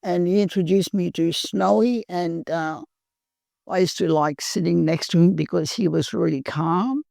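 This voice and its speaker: A woman's voice: fairly low pitch, measured pace, creaky, warm tone, dry recording, studio quality. A woman earnestly telling her own recovery story in a plain-spoken way. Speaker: guest sharing recovery story. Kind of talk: personal storytelling.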